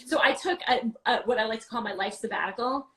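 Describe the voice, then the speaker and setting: A woman in her forties from New York, chatting animatedly as a guest on a video-call interview, full of quick asides and "like" fillers. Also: a little high, a bit bright, low-quality recording. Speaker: guest, wine podcast host. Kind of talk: casual interview chat.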